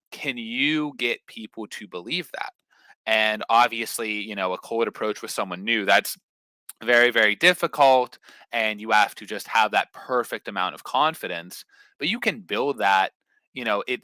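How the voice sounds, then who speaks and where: A man's voice: mid-range voice, normal speed, bright, forceful tone, no room sound, rough recording. A young man talking bluntly and confidently in a casual podcast chat, swearing freely. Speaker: podcast guest.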